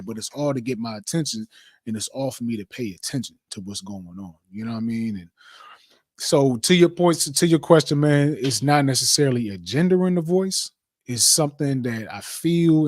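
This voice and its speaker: A man telling a lively personal story in casual conversation, acting out the voices he quotes, heard over a video call. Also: mid-range voice, no echo, studio quality. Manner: animated storyteller, acts out the quotes. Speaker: guest.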